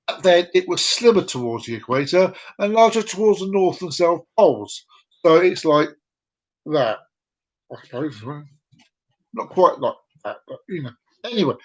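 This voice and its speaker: Lively, high-voiced man hosting a vlog. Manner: rambling, jokey, repeats himself. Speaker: vlog host. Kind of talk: casual live-stream fact reading.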